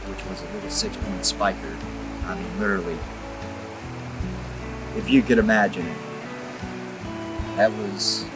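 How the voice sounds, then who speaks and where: A man's voice: on the low side, poor audio. A man hosting an outdoor hunting and fishing show, talking in a joking, rambling way while cold outdoors by a creek. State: cold, shivering. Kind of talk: casual outdoor vlog talk.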